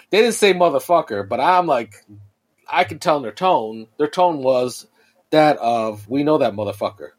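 Slow and expressive, with a higher-leaning voice and frequent pauses, a thirtysomething podcast co-host spins a long, casual story. He rambles, curses freely, and keeps restarting amid many fillers.

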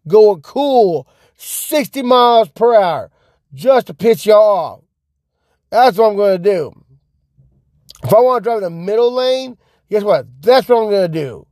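A man's voice: high voice, lively intonation, unhurried, pauses often, a little mellow, dry recording, studio quality. Profane rambling man in a car. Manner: profane, rambling, repeats himself. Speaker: vlogger. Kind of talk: casual rant to camera.

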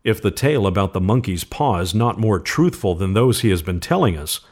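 A man's voice: sits low, expressive, brisk, a little mellow. A man voicing a cheeky, joking young son in a storybook reading, with a teasing manner.

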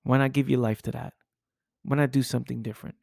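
A man's voice: mid-range voice, little pitch movement, fast, gravelly, darkish tone, no echo, studio quality. A man hosting a podcast and delivering an intense, preachy motivational monologue full of rhetorical questions. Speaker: podcast host.

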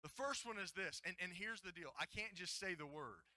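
Middle-aged pastor guy preaching, jokey and playful, real bright high voice, gets the crowd going. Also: expressive, fairly quick. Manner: playful, jokey, coaxes audience to join in. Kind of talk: sermon. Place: church hall.

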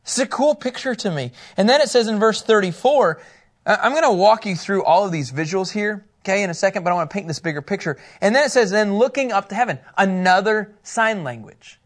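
A man's voice: high voice, lively intonation. Playful man teaching scripture. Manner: playful, laughs often, quick asides. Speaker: pastor teaching a Bible study. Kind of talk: casual sermon to a live group.

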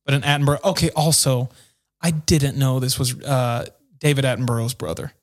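A man co-hosting a casual podcast chat, animated and repeating words as he starts a thought. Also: medium pitch, fairly quick. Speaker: podcast co-host.

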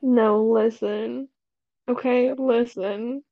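Slow-talking woman podcast co-host. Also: fairly high pitch, fairly even intonation, no room sound, phone-quality sound. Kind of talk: casual podcast chat.

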